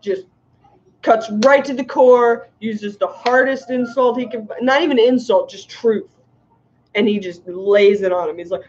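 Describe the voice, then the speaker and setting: A woman's voice: medium pitch, a little slow, a little mellow. A middle-aged woman chatting casually on a livestream, rambling and giggling as she reads comments. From United States. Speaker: fishkeeping livestream host. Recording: muffled lo-fi stream audio.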